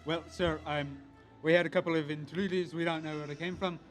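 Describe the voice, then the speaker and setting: A man's voice: on the high side, steady tone, brisk, soft background music, lightly acted. A man voicing a bumbling pirate posing as a guard, in a put-on Irish accent. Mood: bluffing.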